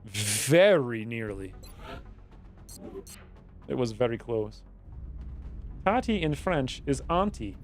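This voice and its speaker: A man doing casual gaming commentary, rambling and playful as he talks through his moves. His pitch is average. Soft music plays quietly behind him. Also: sing-song, unhurried, pauses often. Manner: rambling, playful, thinks aloud. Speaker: streamer.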